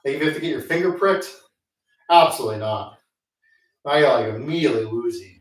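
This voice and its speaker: A man's voice: mid-range voice, expressive, fast talker. Rambling man in an echoey gym. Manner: rambling, self-mocking, with many fillers. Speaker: host. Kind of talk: casual storytelling between sets. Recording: echoey room, mic at a distance.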